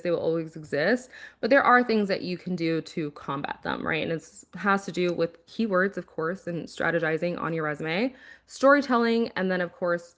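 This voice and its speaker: A woman who was once a recruiter, giving casual career advice in a conversational, animated way, often acting out quotes. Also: fairly low pitch. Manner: conversational, animated, quick asides and acted-out quotes. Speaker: former recruiter and career coach.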